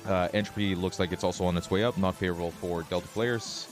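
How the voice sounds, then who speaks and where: Raspy low-voiced male streamer. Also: fast talker, soft background music. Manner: relaxed, swears, laughs often. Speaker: trading streamer. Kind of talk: casual live-stream chat.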